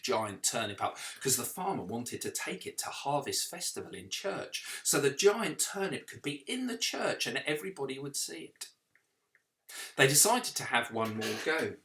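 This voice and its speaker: A man telling a children's story as a vicar, in an animated way, with sound effects and questions to the listening children. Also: mid-range voice.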